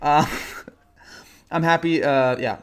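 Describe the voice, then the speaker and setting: A man's voice: on the high side, slow pace, clear, resonant tone. Tired, rambling young sports streamer man. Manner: rambling, teasing, reads and answers chat comments. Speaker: live stream host. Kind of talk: late-night sports live stream chat.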